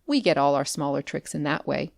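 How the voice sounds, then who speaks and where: A woman's voice: low voice, fairly quick, gravelly, no room sound, voice pushed down. A woman voicing a courteous male magic shopkeeper in a storybook reading, with polite and mysterious speech.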